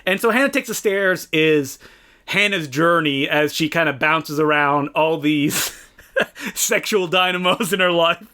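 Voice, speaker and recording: Bright, high-voiced male film podcaster. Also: a little slow, clean tone. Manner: joking, laughs often. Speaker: podcast co-host. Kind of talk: casual film discussion.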